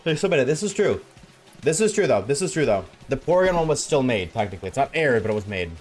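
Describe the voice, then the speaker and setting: A man's voice: medium pitch, sing-song, fast talker, soft background music. A man streaming a game and chatting casually with his viewers, laid-back and slangy, reading chat aloud.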